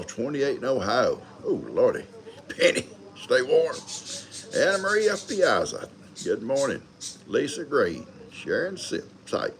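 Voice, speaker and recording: Slight background noise sits under the gravelly, medium-pitched voice of an older man hosting a live stream. In casual live chat, he rambles in a folksy way and greets his viewers one after another.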